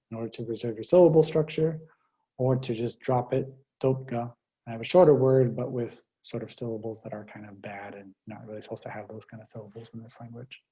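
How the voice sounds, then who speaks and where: Dark-voiced man lecturing over a call. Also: mid-range voice, steady tone, brisk, highs cut off. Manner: methodical, explains step by step with frequent fillers. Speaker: linguistics guest lecturer. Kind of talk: explanatory lecture.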